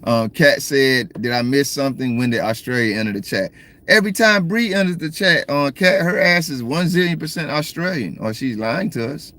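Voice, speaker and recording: A man's voice: medium pitch, animated, moderate pace, sharp tone. A man with a Southern American accent, sitting in his parked car and chatting casually with viewers on a livestream, joking and reading their comments. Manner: laid-back, joking, talks straight to viewers. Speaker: livestream host.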